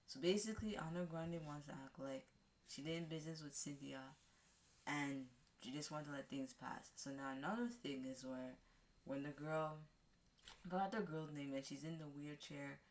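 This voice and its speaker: A woman vlogger casually recapping a movie, rambling with halting restarts and fillers. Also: deep voice, fairly even intonation. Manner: acts out characters' lines in a raised voice.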